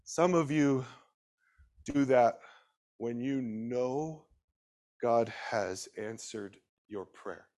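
A man preaching a sermon, swinging between loud emphatic bursts and quiet, slowed asides, and putting questions straight to his listeners. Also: mid-range voice. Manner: talks directly to the listeners with questions.

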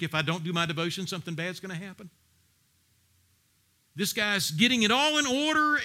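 A man's voice: high-pitched, sharp tone. A man preaching a sermon, asking the congregation pointed questions and reading Bible verses aloud. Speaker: pastor.

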